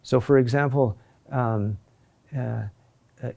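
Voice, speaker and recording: Male lecturer, unhurried and hesitant delivery, mellow low-key tone. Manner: slow, halting delivery with many fillers and restarts. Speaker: teacher of Gregorian chant. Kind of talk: classroom lecture.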